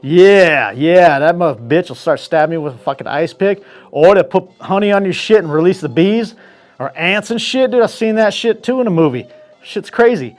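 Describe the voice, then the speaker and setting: A man hosting a solo podcast, telling a crude story in a casual, profane, animated way. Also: high voice, normal speed, soft background music. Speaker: podcast host.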